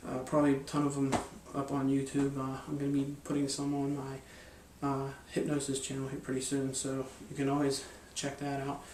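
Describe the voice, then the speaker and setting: A man's voice: medium pitch, completely flat delivery, moderate pace, few pauses, roomy sound, far from the mic, background noise. A man explaining a mind-reading card technique in a loose, rambling way, with lots of fillers and restarts. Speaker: magic and hypnosis instructor. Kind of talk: casual instructional explanation.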